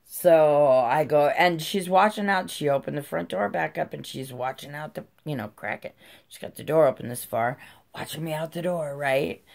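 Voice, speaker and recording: A woman's voice: deep voice, normal speed, creaky, a little mellow. A middle-aged woman telling a personal story to camera, blunt and swearing freely, laughing as she goes. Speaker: vlogger. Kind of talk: casual storytelling.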